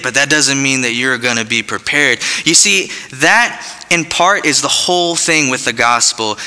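A man preaches to his congregation in a loose, conversational way, full of folksy asides. His voice is very bright and forceful, and it rings out with a long reverb off the hall. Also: fairly high pitch. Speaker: pastor. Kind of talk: sermon. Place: church sanctuary.

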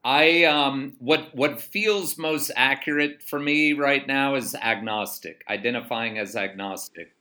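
Bright-voiced man answering with measured hesitation. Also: mid-range voice. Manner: hesitant, measured, with self-deprecating laughs. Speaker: podcast guest, former pastor. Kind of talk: casual podcast interview.

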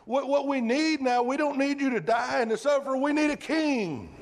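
A man's voice: very high voice, animated, moderate pace, pitched above the performer's own voice. A male preacher voicing an impetuous disciple who pleads in agitated, disbelieving questions. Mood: agitated pleading.

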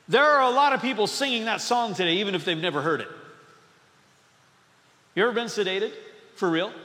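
A man pastor from North Dakota preaches with a light, high voice and an easy, chatty delivery, tossing joking asides to his congregation. His sermon rings out with a long reverb through the church hall. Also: sharp tone. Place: church sanctuary.

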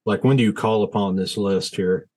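A man co-hosting a podcast in relaxed, agreeable chat about music. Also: on the low side, normal speed. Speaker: podcast co-host.

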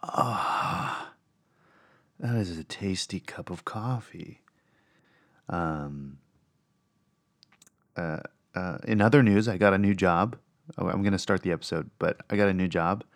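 A man's voice: deep voice, a little slow, pauses often, no room sound. A man hosting a casual monologue podcast, rambling and swearing with lots of ums and uhs. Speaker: podcast host.

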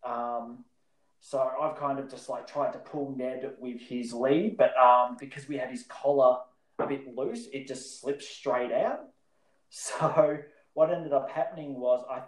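A man's voice: mid-range voice, measured pace. A man telling a story as a podcast guest, rambling with many fillers and frequent laughter. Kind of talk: casual storytelling. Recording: roomy echo.

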